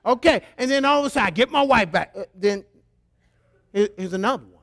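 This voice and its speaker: A male pastor preaching a sermon, reading scripture and turning to playful, animated asides to the congregation. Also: high-pitched, fast.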